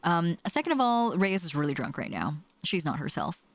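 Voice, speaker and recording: Bubbly woman streamer chatting. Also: normal speed. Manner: bubbly and playful, lively pitch. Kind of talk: casual chat while reading chat.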